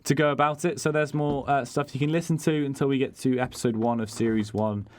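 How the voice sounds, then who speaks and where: A man's voice: medium pitch, fairly even intonation, a little mellow. A young man co-hosting a casual podcast, rambling and arguing his point with many restarts. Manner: rambling, restarts often, quick to argue. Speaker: podcast co-host. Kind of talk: casual chat.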